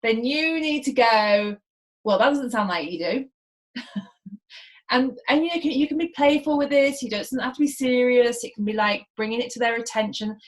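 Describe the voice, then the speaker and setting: Woman coach explaining listening skills, animated, keeps acting out what clients say. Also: on the high side, normal speed, low-quality recording. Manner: lively, acts out client phrases. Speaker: mindset coach. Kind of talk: teaching a coaching lesson.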